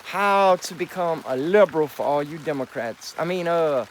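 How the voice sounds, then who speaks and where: Man in mid-life, rambling and profane, fairly high voice, faint rain behind. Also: moderate pace, slight background noise, low-quality recording. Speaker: vlogger. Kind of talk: rambling monologue to camera.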